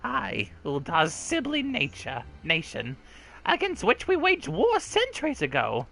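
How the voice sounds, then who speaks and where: A woman's voice: medium pitch, wildly swooping pitch, a little slow, creaky, fairly bright tone, voice pushed down, full character voice. A woman voicing a bitter, grieving old mother with a rustic crone dialect. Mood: grim. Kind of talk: reading game dialogue aloud in character.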